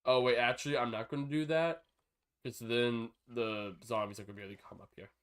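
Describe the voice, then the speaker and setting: A man chatting casually on a live gaming stream, rambling between thoughts and breaking into sudden excited outbursts. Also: medium pitch, fairly quick, clear, resonant tone.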